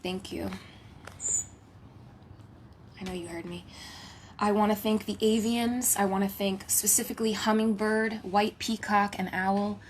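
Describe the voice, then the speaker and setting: At a moderate pace and in a steady, mid-range voice, a woman spiritual healer shares a channeled message recorded at home. Reverent and litany-like, she occasionally drops to a hushed whisper and adds playful asides, with slight background noise.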